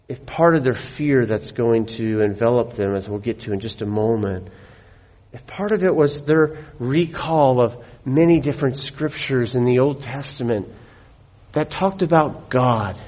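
A middle-aged man preaching a sermon, telling stories with animated delivery and slowing down to stress his points. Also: mid-range voice. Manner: animated storyteller, slows for emphasis. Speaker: pastor.

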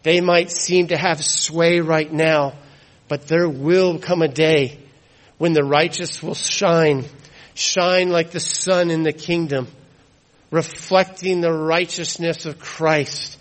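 Man, preacher, sermon, emphatic repetition, unhurried delivery, higher-pitched voice. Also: steady tone, low-quality recording. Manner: emphatic, repeats key phrases, drops to hushed tones.

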